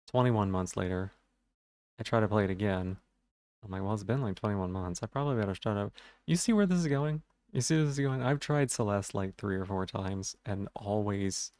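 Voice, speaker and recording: A man's voice: lowish voice, darkish tone, no room sound. A man streaming a game live, chatting casually with his viewers in a rambling, self-deprecating way, and stuttering on some words.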